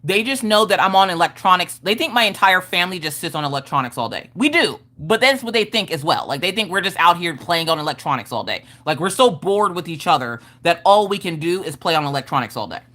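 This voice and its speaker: A woman hosting a relaxed livestream, chatting with her viewers and wandering off into animated stories and side tangents. Her voice sits fairly low, but her pitch swings widely and her tone stays bright and sharp. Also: fast talker, few pauses. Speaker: livestream host. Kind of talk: casual chat with live chat readers.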